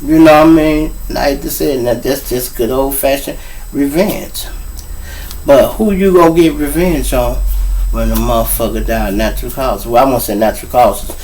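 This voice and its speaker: A man's voice: mid-range voice, normal speed, a little mellow, far from the mic, a little hiss or hum, low-quality recording. Profane Chicago man telling street stories. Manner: profane, rambling, keeps turning to the listeners with "y'all". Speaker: host. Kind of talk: street storytelling monologue.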